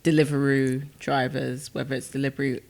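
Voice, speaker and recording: A woman, co-hosting a podcast and telling lively stories in casual, slangy chat. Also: a bass voice, a little fast, gravelly. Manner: animated storyteller with slang, many restarts. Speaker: podcast co-host.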